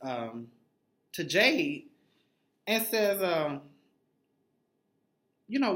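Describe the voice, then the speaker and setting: A man recapping a reality TV episode in an animated, sassy, heavily profane gossip style. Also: sits high, very slow, long pauses. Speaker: TV recap vlogger. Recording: roomy echo.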